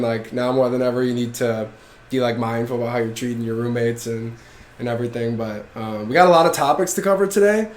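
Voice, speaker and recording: Young male podcast host, loose and profane, recorded in a roomy space. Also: mid-range voice. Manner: loose, swears casually, laughs, many "like" fillers. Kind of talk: casual podcast chat. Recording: echoey room.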